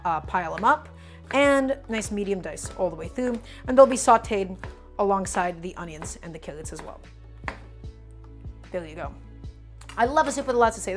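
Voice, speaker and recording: A woman hosting a live cooking stream from her home kitchen, chatting enthusiastically with viewers as she chops vegetables. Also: medium pitch. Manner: enthusiastic, repetitive, addresses viewers as friends.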